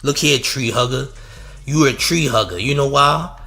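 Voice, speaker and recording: A man's voice: medium pitch, moderate pace, vocal fry, pushed and bright. A man hosting a streamed commentary show, speaking in a mocking, trash-talking way.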